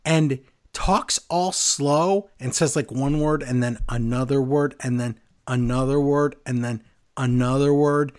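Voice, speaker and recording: A man co-hosting a casual wrestling recap podcast, sarcastic and lively as he runs through the night's events. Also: medium pitch, measured pace, clear, resonant tone. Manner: animated, sarcastic play-by-play.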